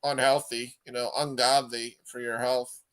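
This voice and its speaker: A man hosting a panel and giving calm, faith-based advice, often calling people "man". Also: mid-range voice, unhurried, low-quality recording. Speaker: panel host.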